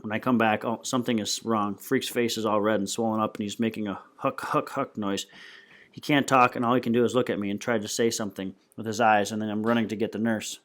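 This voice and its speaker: A man's voice: on the low side, little pitch movement, fast, a bit bright. A man reading a novel aloud in a plain, unpolished way, with small slips and restarts. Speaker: reader.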